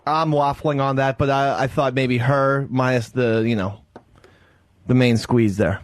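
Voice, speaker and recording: A man co-hosting a talk radio show, playful and teasing, quick to giggle. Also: medium pitch, steady tone, no room sound. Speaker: radio co-host. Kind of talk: casual talk radio banter. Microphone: studio microphone.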